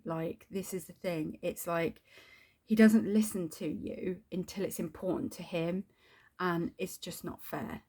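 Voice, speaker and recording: A woman's voice: fairly low pitch, mellow. A woman venting in a video diary, swearing often as she rants. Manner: swears a lot, ranting. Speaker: video diarist. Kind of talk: angry venting vlog.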